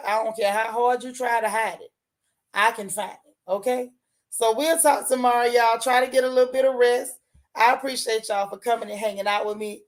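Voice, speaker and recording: Sassy woman spilling tv gossip to her viewers, kinda high voice, says stuff twice for effect. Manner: sassy, drawn-out emphatic repeats. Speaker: host of a gossip and TV recap livestream. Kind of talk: casual chat with viewers.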